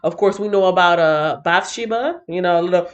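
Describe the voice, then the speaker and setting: A woman's voice: on the low side, a little fast, a little hiss or hum. A woman hosting a Bible reading stream, chatting casually and animatedly with many fillers.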